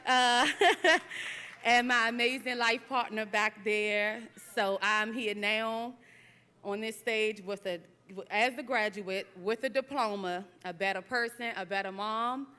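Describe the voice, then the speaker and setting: A young woman graduate giving an emotional, halting speech, laughing between phrases. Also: fairly high pitch, steady tone, pushed and bright, clean tone. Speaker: graduating student.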